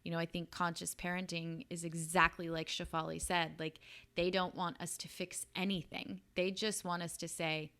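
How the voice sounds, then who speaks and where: Bright-voiced woman sharing earnestly. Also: on the low side, little pitch movement, moderate pace. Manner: earnest, emotional storytelling. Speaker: podcast co-host. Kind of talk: casual chat.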